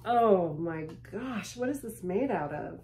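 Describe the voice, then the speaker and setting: A woman hosting a casual unboxing video, gushing and lingering over each item, sometimes dropping to a hush. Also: mid-range voice, lively intonation, measured pace, a little hiss or hum. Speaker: unboxing vlogger.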